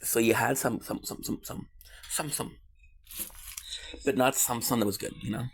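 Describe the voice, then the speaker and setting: A man's voice: mid-range voice, steady tone, normal speed, gravelly, a little hiss or hum. A man from Quebec, Canada, in a casual streamer monologue, rambling on goofy side tangents with swearing and jokes.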